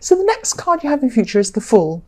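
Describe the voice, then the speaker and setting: A woman giving a casual tarot reading in a relaxed, chatty way, with many fillers. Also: a little high, fast. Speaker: tarot reader.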